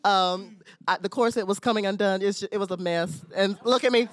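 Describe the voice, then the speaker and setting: A man's voice: high-pitched, a little fast, fairly bright tone, no echo. A man answering as a guest on a drag panel, bubbly and self-mocking in casual chat.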